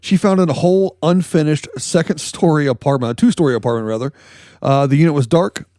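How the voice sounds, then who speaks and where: A man's voice: fairly high pitch, brisk, dark tone, dry recording, clean studio sound. A man co-hosting a comedy news podcast, telling stories in a rambling, joking way. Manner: joking, rambling storytelling with laughs. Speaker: podcast co-host. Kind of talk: casual comedic news chat.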